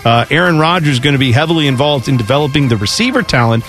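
A man's voice: medium pitch, lively intonation, racing, a bit bright, soft background music. A man hosting a casual sports radio show, opinionated and chatty, slipping into mocking voices when he quotes people. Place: radio studio.

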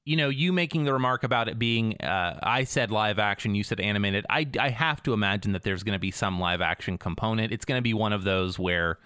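A man co-hosting a podcast, chatting casually and thinking aloud in a measured way. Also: on the low side, pushed and bright, clear, resonant tone, no echo, studio quality. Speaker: podcast co-host. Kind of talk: casual chat.

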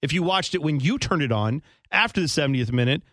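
A man's voice: fairly high pitch, lively intonation, fast talker, fairly bright tone, dry recording. A man hosting a sports radio show in casual talk, dry and playful, stretching out his questions and explaining games at length. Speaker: radio host.

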